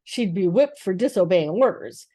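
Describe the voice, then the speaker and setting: A woman's voice: mid-range voice, animated, normal speed, warm tone, dry recording, lightly acted. A woman doing a stern, commanding young king. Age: older. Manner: commanding and stately, raised voice.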